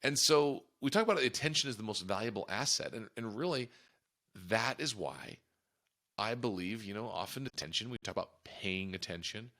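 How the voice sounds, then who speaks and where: A man's voice: fairly low pitch, animated, moderate pace, pushed and bright. A man hosting a podcast, talking in an earnest, reflective way and often restarting or repeating his phrases. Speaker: podcast host. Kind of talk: casual reflective monologue.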